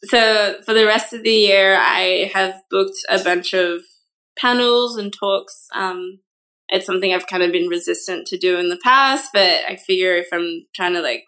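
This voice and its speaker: A woman's voice: mid-range voice, normal speed, bright, forceful tone. A woman guest on a podcast, speaking in a loose, chatty way with frequent fillers. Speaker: guest artist. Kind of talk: casual interview chat.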